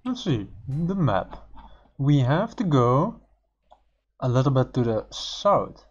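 A man's voice: mid-range voice, sing-song, takes it slowly, breathy edge, muffled recording. A man co-hosting a casual game playthrough, joking and laughing, with stammered restarts. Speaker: gaming co-host. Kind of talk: casual let's-play chat.

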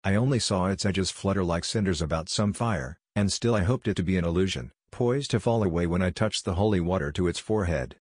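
A man narrating a scripted horror story in a measured, solemn first-person telling. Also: low voice, breathy edge, no echo, studio quality.

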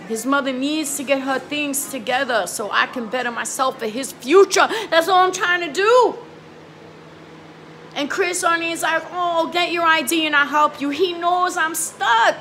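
High, bright-voiced New woman vlogging. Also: a little hiss or hum. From New York. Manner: heated and pleading, swears, repeats herself. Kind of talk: emotional talk to camera.

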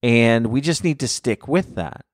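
A man in his thirties co-hosting a casual podcast, rambling and reflective and quick to laugh. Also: mid-range voice, lively intonation, no room sound, studio quality. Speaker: podcast co-host. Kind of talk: casual chat.

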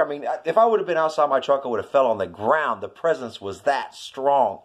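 A middle-aged man rambles through a casual testimony, his pitch sitting in the middle for a man. He keeps looping back with "I says" and "you know." When he gets excited his voice jumps sharply upward. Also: fairly quick, few pauses. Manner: voice climbs high when excited. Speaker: vlogger telling a witness story.

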